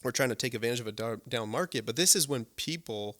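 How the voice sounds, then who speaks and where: A man's voice: mid-range voice, fast talker, a bit bright. Guy hosting a business podcast, keeps saying right?, hypes his guest up, normal mid voice. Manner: enthusiastic, repeats words, many "right?" tags. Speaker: podcast host. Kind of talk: casual interview chat.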